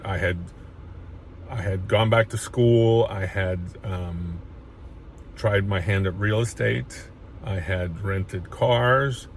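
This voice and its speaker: A man with a fairly low voice tells his life story in a loose, rambling way, circling back and restarting sentences as feeling creeps in. A faint hiss of background noise sits under the recording. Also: takes it slowly. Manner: rambling, many restarts, emotional at times. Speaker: chiropractor sharing his story. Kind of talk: casual personal storytelling.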